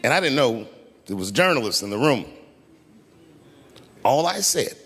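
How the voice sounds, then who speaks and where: Brief: male stand-up comic, lively pitch swings, hall echo, loud audience. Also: unhurried. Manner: animated, shouting punchlines, dropping to hushed asides. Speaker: comedian. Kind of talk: stand-up comedy. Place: large theater stage. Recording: echoey hall with loud crowd.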